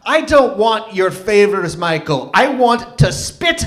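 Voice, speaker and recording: A man's voice: high-pitched, very animated, slow, fairly bright tone, pitched above the performer's own voice, exaggerated voice. A man voicing a bitter, indignant young Irish woman in a storytelling set, her lines drawn out and strained. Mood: furious.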